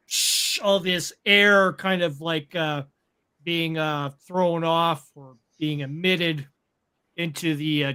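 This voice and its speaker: A man narrating a tabletop science-fiction game as game master, halting with many fillers and restarts. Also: on the high side, sharp tone, smooth.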